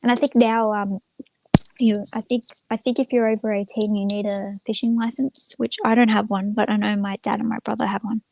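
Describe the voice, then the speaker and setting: A woman's voice: medium pitch, little pitch movement, fairly quick, vocal fry, a little mellow. A young woman chatting casually on a livestream, rambling and retelling stories with lots of "I'm like.". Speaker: streamer.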